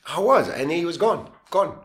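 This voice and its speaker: A man's voice: fairly high pitch, big pitch swings, moderate pace. Man telling a vivid story. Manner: vivid, acts out his own lines and voices, laughs while telling. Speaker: guest. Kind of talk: animated storytelling.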